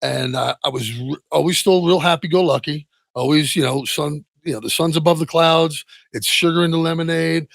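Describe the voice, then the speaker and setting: Gravelly middle-aged man, halting and candid. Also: on the high side, no echo. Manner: halting, many restarts and soft trailing asides. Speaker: interview guest, retired football player. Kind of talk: candid personal storytelling.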